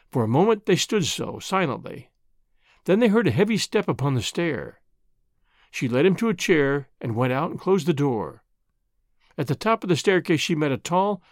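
A narrator reads a classic short story in a measured way, the pitch lively and full of movement. The voice is dry and close, with no room sound around it. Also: no room sound.

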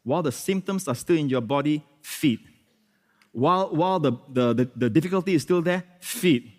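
A man preaching a sermon in church as pastor, switching between loud, emphatic exclamations and hushed, prayerful phrases, with many repetitions and hallelujahs. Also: fairly high pitch, expressive, normal speed, in a large hall. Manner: repeats phrases, frequent hallelujahs and amens.

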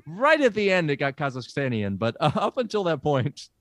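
A man's voice: on the high side, sing-song, moderate pace, a bit bright, no echo. A man playing a goofy 1950s greaser therapist who rambles with stammered restarts and gives offhand advice in an improvised comedy scene. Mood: breezy. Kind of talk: improvised comedy role-play.

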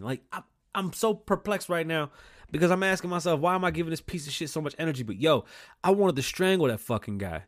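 A man in his thirties, the host, ranting about a restaurant in a loud, profane monologue that swings between heated yelling and low grumbling. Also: lively intonation, fast talker. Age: 30s. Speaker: show host. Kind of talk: profane comedic rant.

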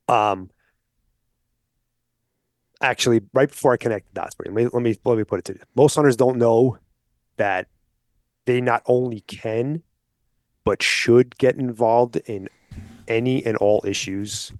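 A man speaking as a podcast guest, persuasive and explanatory, often checking in with listeners with a quick "okay?". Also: fairly low pitch, no room sound, studio quality. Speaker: hunting advocate guest. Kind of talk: casual podcast conversation.

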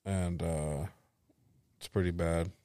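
Low-voiced young man, laid-back teasing. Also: steady tone, takes it slowly, mellow, clean tone, no echo, studio quality. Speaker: podcast co-host. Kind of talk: casual chat.

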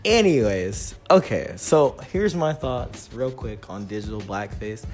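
A young man hosts a loose, joking podcast chat. His pitch jumps around a lot as he teases and riffs. Faint music sits under the talk. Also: animated, unhurried, darkish tone. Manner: joking, slips into mocking put-on voices. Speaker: podcast host. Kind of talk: casual comedic chat.

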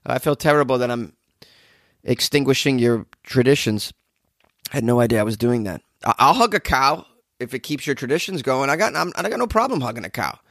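A man's voice: mid-range voice, expressive, brisk, a bit bright, no room sound, clean studio sound. Hungover sarcastic male podcast host. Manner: sarcastic, rambling. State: hungover, low energy. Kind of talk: comedic news commentary.

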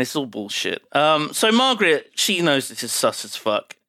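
A man co-hosting a podcast, recapping a film in casual, sweary chat with low-voiced asides. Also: very animated, normal speed, few pauses, pushed and bright, no room sound, clean studio sound. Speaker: podcast co-host.

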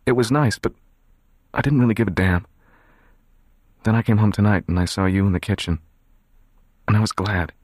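An actor playing a guarded, controlled young man who talks in a quiet, measured, detached way. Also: on the low side, no echo, clean studio sound. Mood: cold, serious. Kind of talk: dramatized audiobook reading.

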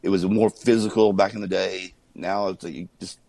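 A gravelly, low-pitched man spins an animated wrestling-road story in a relaxed interview, laughing between lines and jumping up in pitch when he acts out what others shouted. The sound is dry and close, with no room around it. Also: moderate pace, dry recording, rough recording. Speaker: guest, former wrestler.

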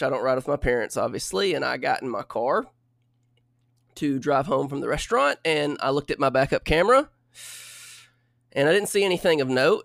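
Young male storyteller, exasperated and lively, slightly high, close dry mic. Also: no room sound. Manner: animated, exasperated retelling. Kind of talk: casual storytelling.

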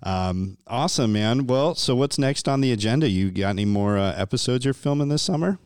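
A man's voice: mid-range voice, expressive, fairly quick, darkish tone, clear, resonant tone, dry recording, studio quality. A man hosting a casual interview, friendly and easygoing, laughing along with his guest. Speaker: podcast host.

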